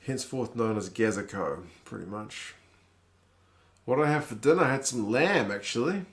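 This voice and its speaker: A man's voice: mid-range voice, expressive, normal speed. A man in his thirties with a New Zealand accent, hosting a live stream and chatting casually as he reads out viewer comments in a laid-back, wry way.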